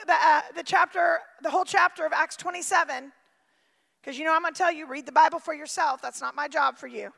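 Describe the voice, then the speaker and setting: High-voiced, gravelly woman preaching in a hall. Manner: emphatic, swings from shouting to near-quiet. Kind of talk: sermon.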